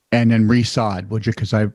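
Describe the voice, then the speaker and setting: A man's voice: fairly low pitch, darkish tone, no echo. Joking American man co-hosting a podcast. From United States. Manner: joking, teasing, laughs often. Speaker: podcast co-host. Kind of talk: casual comedic news chat.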